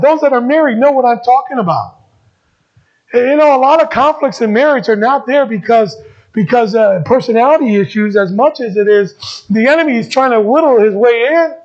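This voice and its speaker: A middle-aged man preaching a sermon as pastor, earnest and repetitive, moving between emphatic lines and soft ones. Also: extremely high pitch, highs cut off.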